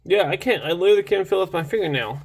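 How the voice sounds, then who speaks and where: A man's voice: sits high, animated, fast. A young man casually reviewing a knife in a rambling, enthusiastic vlog, full of restarts and fillers.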